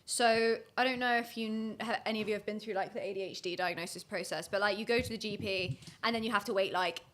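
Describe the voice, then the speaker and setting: A young woman, a podcast guest talking in a fast, rambling casual way full of likes. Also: mid-range voice, steady tone. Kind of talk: casual chat.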